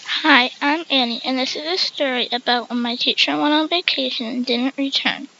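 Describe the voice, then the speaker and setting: Bright-voiced woman reading her own story. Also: high-pitched, steady tone, moderate pace, gravelly, dull audio. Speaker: story reader.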